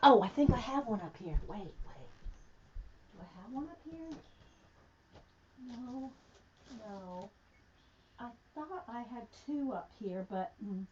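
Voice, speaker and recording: A woman with a lively, higher voice hosts a casual crafting vlog, chatting to viewers as she works. She talks in an excitable, animated way. The home recording sounds a little dull and lo-fi. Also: takes it slowly, long pauses, slight background noise. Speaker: craft video host.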